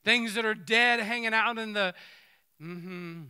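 A man preaching a sermon, reading scripture aloud and commenting on it in an animated way that acts out the people in the story. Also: sits high, measured pace, clean tone. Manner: animated, acts out the speakers in the text.

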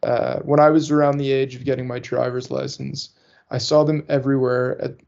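A man's voice: mid-range voice, little pitch movement, brisk, vocal fry, darkish tone. A man co-hosting a car podcast in casual chat, rambling with many fillers and restarts. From northeastern US. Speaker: podcast co-host. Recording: muffled lo-fi audio.

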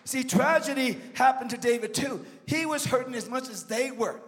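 A man preaching a sermon as a guest pastor, swinging from emphatic shouts to low joking asides to the congregation. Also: moderate pace. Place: church sanctuary. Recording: long church reverb.

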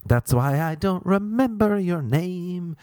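A man's voice: high-pitched, animated, slow pace, a little mellow, no echo, studio quality. A man hosting a podcast, rambling through a crude comic monologue and breaking into bits of song. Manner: crude, jokey, breaks into sung snippets. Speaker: podcast host.

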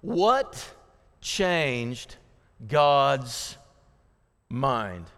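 A man preaching a sermon as pastor, reading scripture dramatically, swinging between loud pleading and hushed emphasis. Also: medium pitch, sing-song, drawn-out words, big-room sound.

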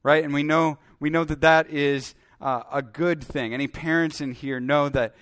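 Delivering a sermon at a moderate pace, a man with a slightly high voice reads Bible verses and adds commentary along the way. He tells the story with animation, occasionally performing characters' voices.

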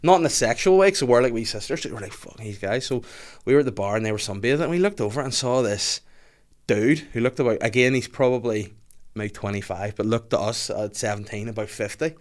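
A man in his thirties tells a wild anecdote in casual podcast chat. He is animated and laughs often. His pitch sits in the middle range for a man. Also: fast talker. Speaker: podcast guest.

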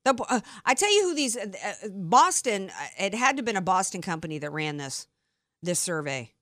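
A woman from the American Deep South, hosting a talk radio show with emphatic, opinionated chatter. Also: big pitch swings, a bit bright, no room sound, studio quality. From Deep South of the United States. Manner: emphatic, opinionated, quick asides.

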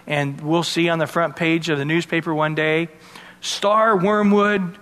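A man's voice: on the high side, steady tone, measured pace, a bit bright, long reverb tail. A man preaching a sermon, reading verses and explaining them in a conversational way with asides to his listeners. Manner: expository Bible teaching, conversational with asides. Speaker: pastor.

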